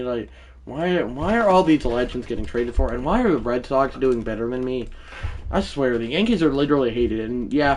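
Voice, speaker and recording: A man's voice: medium pitch, a little mellow. A man live-streaming a video game, commenting on the play and talking to his chat in a rambling, easily irritated way. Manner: talks to chat, easily frustrated, rambling asides.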